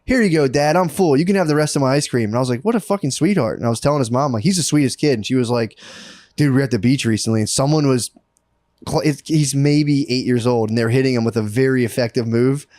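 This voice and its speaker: A man's voice: medium pitch, fast, a little mellow, no echo, clean studio sound. Crude laughing man on a podcast. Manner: crude, laughing, acts out voices in stories. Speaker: podcast co-host. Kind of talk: casual comedic chat.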